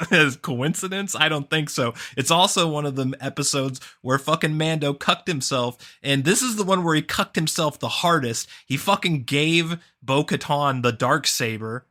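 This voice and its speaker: Man, fairly high voice, bright and forceful, ranting podcast co-host, lots of swearing. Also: moderate pace. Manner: ranting, sarcastic, heavy swearing. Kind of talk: casual profane review chat.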